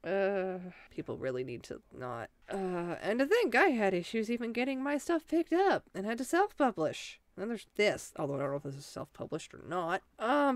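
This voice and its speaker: A woman chatting casually in a reaction vlog from the corner of her bedroom, rambling with lots of fillers and big swings in her voice. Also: no room sound. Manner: rambling, filler-heavy, expressive swings in pitch. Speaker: vlogger and self-published author. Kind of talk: casual reaction vlog, reading posts aloud.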